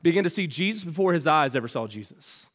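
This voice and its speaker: A man preaching a sermon as pastor, asking the congregation rhetorical questions and moving between loud emphasis and hushed passages. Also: a little high, lively intonation, quick pace, in a large hall. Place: church sanctuary.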